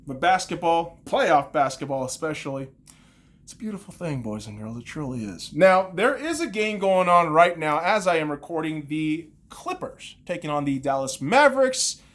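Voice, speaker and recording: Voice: mid-range voice, big pitch swings, moderate pace. A podcast host alone in a room, ranting about basketball with constant swearing and heated bursts. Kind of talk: solo sports rant.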